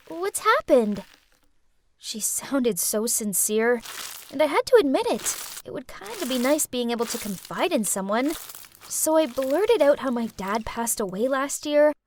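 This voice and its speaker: Chatty woman narrating a storytime, high and lively. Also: no room sound. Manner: chatty, dramatic, self-absorbed teen persona. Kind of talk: scripted first-person storytime narration.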